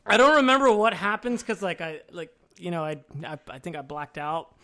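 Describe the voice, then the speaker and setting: High-voiced, profane man telling a story. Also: brisk. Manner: animated, profane, laughs often, acts out quoted lines. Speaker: podcast guest. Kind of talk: casual storytelling chat.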